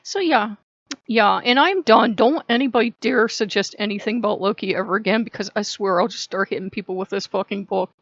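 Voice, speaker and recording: Annoyed woman venting on her channel, gravelly voice, dull lo-fi sound, swears a lot. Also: mid-range voice, a little fast, dry recording. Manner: heated, swearing, sarcastic, laughing. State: angry. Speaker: channel host. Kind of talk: casual ranting vlog.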